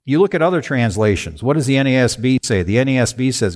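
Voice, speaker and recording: A man's voice: medium pitch, lively intonation, fast, a little mellow. A man preaching a sermon, asking the congregation rhetorical questions and answering them himself. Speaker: pastor.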